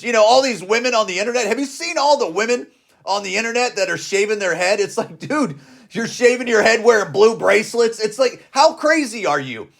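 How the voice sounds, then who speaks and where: A man's voice: sits high, animated, fairly quick, gravelly, a bit bright. A man in his forties hosting a podcast, ranting bluntly in casual slang and repeating his points. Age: 40s. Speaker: podcast host. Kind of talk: casual opinion rant.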